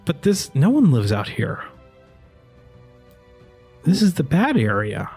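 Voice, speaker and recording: A man voicing a wary, grumbling human father, halting and exasperated. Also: on the high side, huge pitch swings, gravelly, darkish tone, breathy edge, faint music behind, voice pushed up, exaggerated voice. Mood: alarmed.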